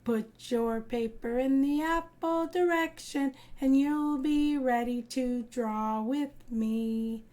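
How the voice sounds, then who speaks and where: A woman teacher reading a storybook to young children and leading a drawing lesson, in a slow sing-song manner with lively voices for the characters. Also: high-pitched. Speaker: kindergarten art teacher.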